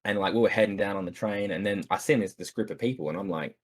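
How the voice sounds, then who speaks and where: Australian man, low and rapid, husky, casual guest telling a yarn on a podcast call. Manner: rambling, swears freely, many fillers. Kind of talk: casual storytelling.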